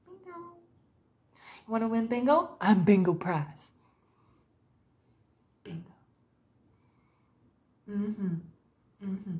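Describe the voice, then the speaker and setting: Very animated yet slow, with long pauses, a medium-pitched woman's voice comes through mellow and with the highs cut off. She's a vlogger at home delivering a wandering, foul-mouthed monologue to camera, putting on voices for quotes.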